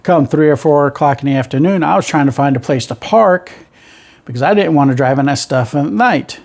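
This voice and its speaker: A middle-aged truck driver who hosts his own channel spins road stories in a rambling, folksy monologue, his rural Southern American twang plain to hear. His voice runs on the high side, a bit fast, creaky and darkish in tone.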